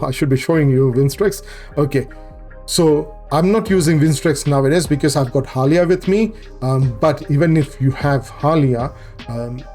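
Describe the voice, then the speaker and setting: Male gaming host, mellow tone, rambling self-correcting guide talk over faint music. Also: medium pitch. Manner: explanatory, repeats and corrects himself, many fillers. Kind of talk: game guide commentary.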